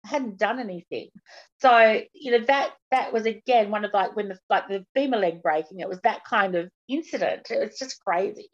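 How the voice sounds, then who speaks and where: A woman speaking frankly and earnestly as a podcast guest, her voice sitting at an ordinary middle pitch. The audio is dull and lo-fi, with the top end muffled. She talks in an open, unguarded way. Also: moderate pace. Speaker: podcast guest, patient advocate. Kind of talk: candid personal interview.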